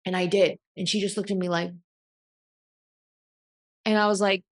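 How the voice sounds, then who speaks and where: A woman's voice: mid-range voice, flat delivery, moderate pace. A woman giving a blunt, emphatic motivational talk as a self-help coach, swearing casually.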